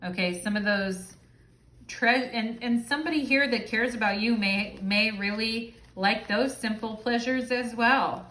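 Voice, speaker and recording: A woman's voice: on the high side, unhurried, sharp tone. A woman doing a casual tarot reading, chatty and informal, checking in with "okay?" and swearing now and then. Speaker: tarot reader. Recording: roomy echo.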